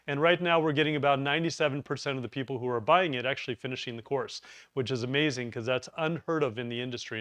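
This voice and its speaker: A man's voice: mid-range voice, a bit bright, dry recording. A man giving a live class presentation on preparedness, chatty and joking, with rambling asides. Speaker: preparedness course instructor. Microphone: lapel mic.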